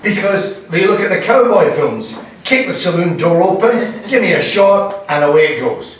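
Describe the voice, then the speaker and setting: A man leading a live whisky tasting, telling stories with theatrical, animated flair. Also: high-pitched, moderate pace. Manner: theatrical, animated storyteller acting out his stories. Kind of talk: live tasting talk with anecdotes. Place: indoor event venue with an audience. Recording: very echoey room, distant, faint hum.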